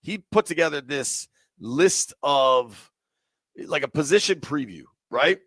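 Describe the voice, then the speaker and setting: A man's voice: a little high, animated, slow, fairly bright tone, dry recording. A man from Washington, D.C., hosting a sports radio livestream in a casual, rambling way with plenty of fillers. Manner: easygoing, rambling with fillers and restarts.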